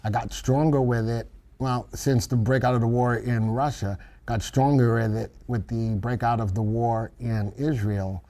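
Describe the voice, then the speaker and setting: A man's voice: mid-range voice, fairly even intonation, moderate pace, warm tone. A man co-hosting a live stock market show, giving commentary with playful, jokey banter. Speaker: stock market instructor co-host.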